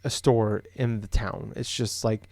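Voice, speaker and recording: A man's voice: fairly low pitch, flat delivery, a little slow, a little mellow, dry recording. A young man from Iowa co-hosting a casual podcast, rambling with lots of fillers and restarts. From Des Moines, Iowa. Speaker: podcast co-host. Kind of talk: casual chat.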